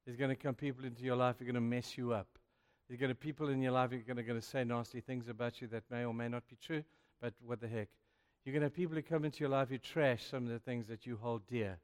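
A male preacher with a medium-pitched, steady voice talks fast, barely pausing, as he delivers a youth sermon. His chatty, emphatic style is full of "you know," and a long echo fills the hall.

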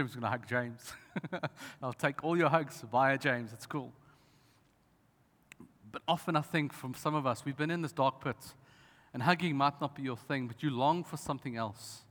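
A man in his thirties, a pastor, preaching a sermon with passion, slowing down for emphasis and swinging from loud to soft. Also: mid-range voice. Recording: reverberant church hall.

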